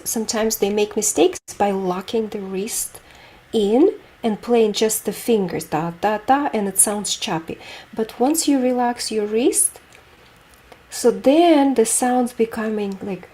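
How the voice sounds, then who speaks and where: A woman's voice: fairly high pitch, expressive, slow, dark tone. A woman teaching a group piano lesson, explaining technique with images and asking students questions.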